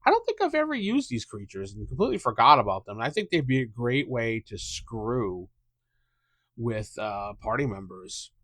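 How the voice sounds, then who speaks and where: Man, podcast host, casual rambling chat, middle pitch, dry close mic. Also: sing-song, normal speed, no echo. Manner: rambling, thinks out loud with many fillers. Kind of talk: casual podcast chat about tabletop gaming.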